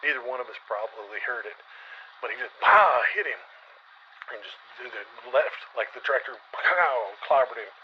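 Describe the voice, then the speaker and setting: A man's voice: mid-range voice, a little fast, lo-fi sound, slight background noise. Rambling man telling a survival story. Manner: rambling and profane, with many fillers and asides. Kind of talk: first-person post-apocalyptic storytelling.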